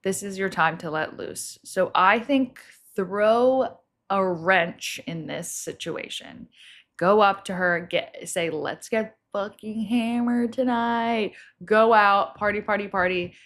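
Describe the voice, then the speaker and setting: A woman's voice: medium pitch, slow pace, a bit bright. A woman with a New Jersey accent co-hosting a podcast, reading listener questions and joking with frequent laughter. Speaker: podcast co-host.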